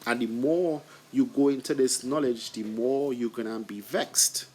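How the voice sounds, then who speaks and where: Husky man, scripture teacher, informal talk, repeats himself, rhetorical questions. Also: mid-range voice, a little slow, darkish tone. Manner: repetitive, asks and answers his own questions; stumbling restarts and fillers.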